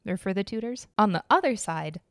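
A woman's voice: mid-range voice, lively intonation, fairly quick, no echo, studio quality. A young woman hosting a casual solo podcast, chatty and enthusiastic, giggling and correcting herself as she goes. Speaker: podcast host.

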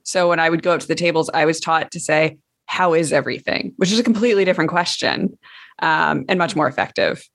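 A woman co-hosts a podcast with a fairly low voice. She chats casually and tells friendly stories. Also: fast, vocal fry, fairly bright tone. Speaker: podcast co-host. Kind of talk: casual conversation.

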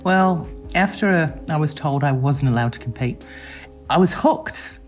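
A woman giving an interview, telling stories in a reflective way and slipping into lively voices when she quotes people. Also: low-pitched, measured pace, faint music behind. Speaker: interviewee, former competition judge. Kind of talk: reflective storytelling.

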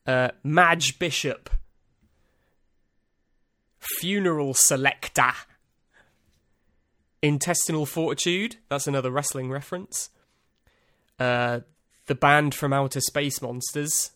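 Male podcast host, unhurried, deadpan and rambling, close dead-room mic. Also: on the high side, dry recording. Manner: rambling, dry, self-amused, lots of ums and uhs. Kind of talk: casual solo podcast monologue.

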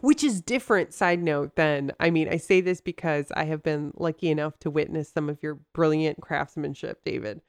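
A woman's voice: low-pitched, moderate pace, hardly any pauses, dry recording, studio quality. A woman co-hosting a podcast in casual chat, bubbly and rambling, laughing often as she talks. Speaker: podcast co-host.

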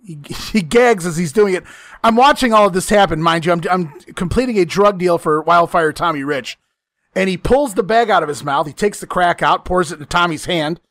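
Man, casual storyteller, high-pitched, dead dry sound, profane, laughs a lot. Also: fairly quick, fairly bright tone, dry recording. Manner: profane, laughs often, acts out quotes.

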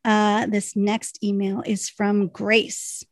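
A woman's voice: medium pitch, little pitch movement, slow, no echo. A woman co-hosting a podcast, chatting casually and reading listener emails aloud, breaking into laughter. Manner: chatty, reads letters with bursts of laughter. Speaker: podcast co-host.

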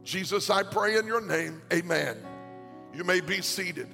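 A pastor preaching a sermon to a congregation in a large church, his delivery rising into a sing-song cadence and shouted peaks. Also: sits high, unhurried, gravelly. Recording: long hall reverb, faint music.

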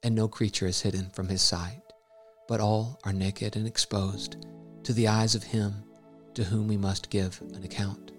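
A man reading a devotional story and scripture in a measured, solemn way. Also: on the low side, level tone, soft background music. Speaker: narrator.

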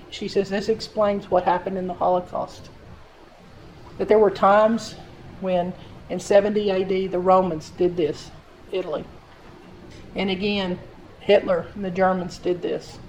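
A woman preaches in a medium-pitched voice, reading Bible passages and then explaining them. She talks to her listeners in a direct, earnest, conversational way. There is a faint hiss of noise underneath. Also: a little mellow, poor audio. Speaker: Bible teacher. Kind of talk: sermon reading and explaining scripture.

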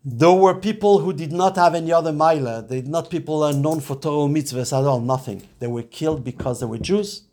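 High-voiced man teaching a Torah class. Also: a little fast, few pauses, a little mellow. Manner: earnest, weaves Hebrew and Yiddish terms into English; rises to an urgent, emphatic tone when exhorting. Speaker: rabbi teaching Talmud.

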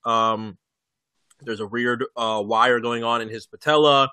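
A man's voice: mid-range voice, a little slow, smooth, no echo. A young man co-hosting a casual podcast, talking loosely, swearing and laughing a lot. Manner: laughs often, swears, animated. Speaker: podcast co-host.

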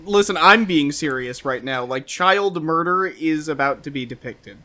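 Bright, higher-voiced earnest man. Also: normal speed. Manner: earnest, cautious. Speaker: podcast co-host. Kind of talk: casual chat.

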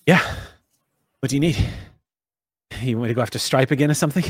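A man's voice: mid-range voice, fast talker, breathy edge, dry recording, clean studio sound, close to an everyday voice. A man doing Tara, an eager young scout. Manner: blunt, keen, casual swearing.

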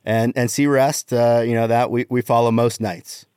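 A man's voice: medium pitch, little pitch movement, moderate pace, darkish tone, clear, resonant tone, no room sound. A man hosting a casual comedy podcast chat, rambling and repeating words as he searches for them.

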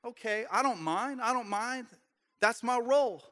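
A middle-aged pastor with a very high, bright, forceful voice preaches in a church sanctuary. He swings from loud, rallying calls to soft, conversational talk with playful, joking asides. His delivery feels lively and personal. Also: normal speed. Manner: swings from loud shouted exhortation to quiet, intimate talk. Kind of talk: sermon.

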